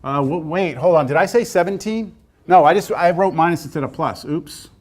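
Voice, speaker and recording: A man's voice: a little high, fairly quick, darkish tone. Joking man teaching calculus. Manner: casual, joking, thinks aloud. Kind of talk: classroom lecture. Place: classroom.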